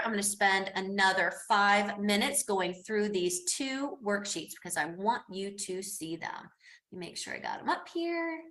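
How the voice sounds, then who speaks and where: A woman's voice: on the high side, bright, forceful tone, roomy sound. A woman business coach teaching an online class in an upbeat, encouraging way, speaking over a video call. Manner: upbeat, encouraging, acts out quoted voices.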